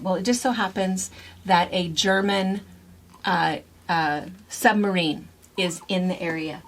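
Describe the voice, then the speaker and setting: A woman's voice: lowish voice, unhurried. A woman hosting a casual box-opening chat, telling stories and laughing often. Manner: chatty, storytelling, laughs often. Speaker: shop host. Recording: noisy room recording.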